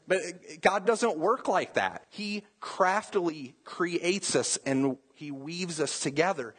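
A man's voice: fairly high pitch, expressive, takes it slowly, few pauses, a bit bright, slightly rough. A young adult man, a pastor, preaching a sermon in a casual, conversational way with joking asides.

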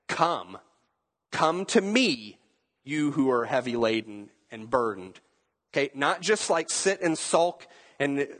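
A man's voice: mid-range voice, fairly bright tone. A man preaching a sermon in a conversational way, asking the listeners questions and acting out quotes. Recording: long hall reverb.

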